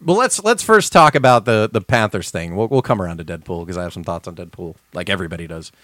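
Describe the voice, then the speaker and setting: Man, very lively pitch, dry sound, joking podcast host, hesitant, lots of fillers. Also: fast, no room sound. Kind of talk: casual chat.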